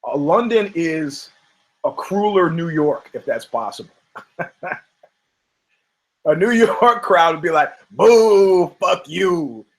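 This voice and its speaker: A man's voice: on the high side, lively intonation, slow, pauses often, a bit bright, poor audio. A man hosting a podcast, riffing on fight results in a rambling, profane, joking manner. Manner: rambling, profane, self-mocking jokes. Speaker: podcast host. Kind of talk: casual comedic commentary on combat sports.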